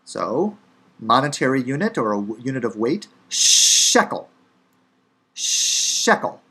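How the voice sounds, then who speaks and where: Male instructor, Chicago accent, offhand and dryly funny, mid-pitched, lecture delivery. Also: sing-song, normal speed, fairly bright tone, slightly rough. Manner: casual, wry teaching with many fillers. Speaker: Hebrew instructor. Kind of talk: recorded lecture.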